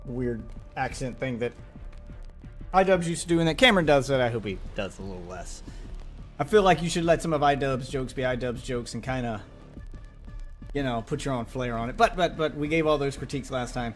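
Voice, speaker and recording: A man streaming live, reacting to a video with loud laughing outbursts and quick asides. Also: medium pitch, animated, soft background music.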